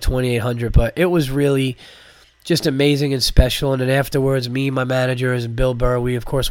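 A man's voice: mid-range voice, no echo. A congested male comedian holds forth on his own podcast, his mid-range voice sounding stuffy from a cold. His talk is loose and profane, with plenty of fillers. The sound is dry and close, with no room around it. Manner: animated, profane, rambling with fillers. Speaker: podcast host, stand-up comedian. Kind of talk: casual solo podcast monologue.

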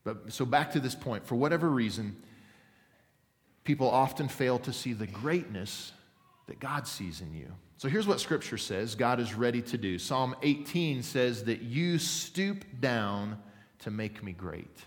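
A man's voice: mid-range voice, expressive, unhurried. A man preaching a sermon as pastor, earnest and building emphasis as he tells a story. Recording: reverberant hall.

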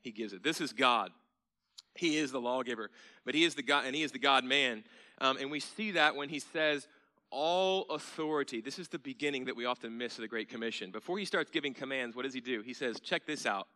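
A man preaching a sermon in a bright, forceful voice. He speaks earnestly and asks rhetorical questions. He repeats key phrases for emphasis, building from quiet asides to emphatic declarations. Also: medium pitch, fast talker. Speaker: pastor.

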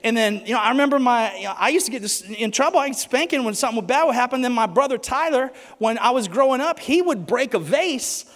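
High-voiced animated man preaching. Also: fast, hardly any pauses, long reverb tail. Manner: animated, joking, asks the crowd questions. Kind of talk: sermon with humorous stories. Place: church.

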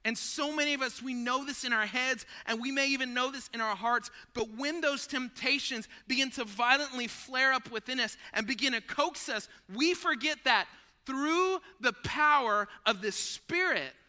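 A male pastor preaches a sermon in an extremely high-pitched voice at normal speed. He's conversational and animated, addressing listeners as friends and acting out scenes from a story.

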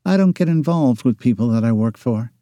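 A man voicing a sharp-tongued young woman. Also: mid-range voice, expressive, brisk, no room sound, lightly acted. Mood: teasing. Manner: teasing, exasperated retorts. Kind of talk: audiobook character voice.

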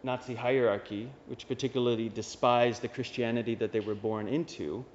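A man's voice: mid-range voice, fairly even intonation, brisk, slight background noise. A man, a Dominican priest, giving a homily in a casual, conversational way with wry asides. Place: church. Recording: dull reverberant church recording.

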